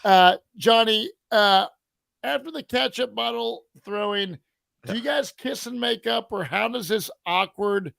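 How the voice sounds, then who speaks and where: A man hosting a casual podcast, his voice high and gravelly. He talks slowly and asks questions with lots of fillers. The sound is dry and close. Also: a bit bright, dry recording. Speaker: podcast host.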